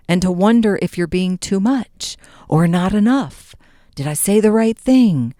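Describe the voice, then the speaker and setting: Lady podcast host hyping you up, kinda low smooth voice, super dry close sound. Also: dry recording. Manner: animated, playful, mock-dramatic asides. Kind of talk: motivational monologue.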